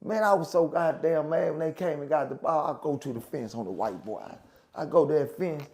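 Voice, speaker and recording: Gravelly man telling rowdy stories. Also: a little high, fairly quick. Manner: profane, animated, repeats phrases for effect. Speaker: guest storyteller. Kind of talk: casual prison storytelling.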